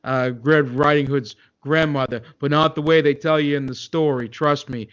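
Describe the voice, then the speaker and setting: A man voicing a gruff, boastful male metal singer telling a bedtime story to kids in a comedy podcast sketch. He talks dismissively and hesitantly, filling his speech with "uh" and "okay?". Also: fairly high pitch, fairly even intonation, moderate pace, fairly bright tone, muffled recording, lightly acted. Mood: grumbling.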